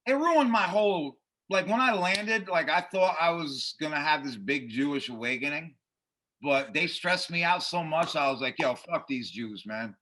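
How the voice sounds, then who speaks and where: A man telling a story as a podcast guest, in a casual, animated and profane way. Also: on the high side, moderate pace.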